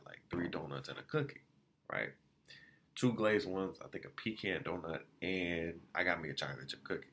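A deep-voiced man reviews food spots in a casual vlog, telling an animated, slangy story full of restarts and quoted exchanges.

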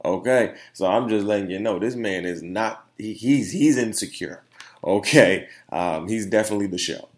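A young man hosts a podcast, talking in a loose, slangy opinion monologue and laughing his way through a story. His voice sits a little low for a man. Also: normal speed. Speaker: podcast host.

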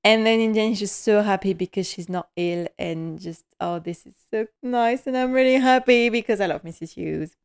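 A woman's voice: mid-range voice, brisk, few pauses, smooth. A woman hosting a casual episode recap, enthusiastic, laughing often and using many fillers. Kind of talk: casual chat.

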